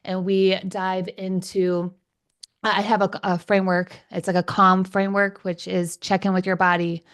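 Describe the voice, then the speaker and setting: A woman's voice: mid-range voice, moderate pace, smooth. Enthusiastic woman parenting coach. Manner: enthusiastic, animated, laughs often. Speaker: parenting coach and podcast host. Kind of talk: conversational interview.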